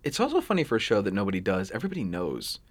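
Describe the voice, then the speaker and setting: A man in his thirties hosting a podcast, chatting casually about musicals and slipping into animated quoted voices. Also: fairly low pitch, racing. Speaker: podcast host.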